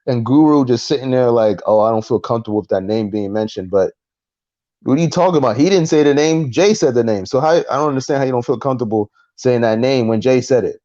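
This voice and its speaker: A man co-hosting a casual podcast chat, recounting a story in an animated way and acting out the voices of the people in it. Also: mid-range voice, fast, no room sound, highs cut off. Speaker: podcast co-host.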